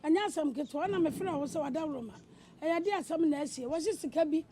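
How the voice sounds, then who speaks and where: High-voiced Ghanaian mother. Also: fast talker, noisy background. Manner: soothing, urging patience. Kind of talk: comedy skit dialogue, mostly in Twi.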